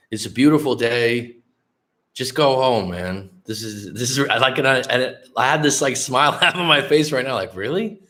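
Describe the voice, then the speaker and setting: A life coach in his late 30s from the San Francisco Bay Area hosts a casual livestream, telling a story candidly and conversationally while swearing often. His medium-pitched voice is a bit bright.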